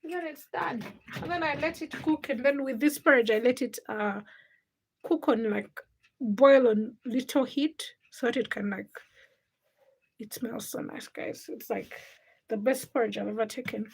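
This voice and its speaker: Chatty high-voiced woman livestreaming. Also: normal speed, creaky, slight background noise. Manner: chatty, reads viewer comments aloud and answers them while cooking. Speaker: livestream host. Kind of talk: casual livestream chat, reading comments.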